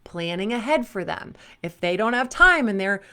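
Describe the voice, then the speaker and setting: A woman in her thirties, a performance coach talking candidly to sport parents and telling personal stories with lively quoted asides. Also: medium pitch, moderate pace, clear, resonant tone.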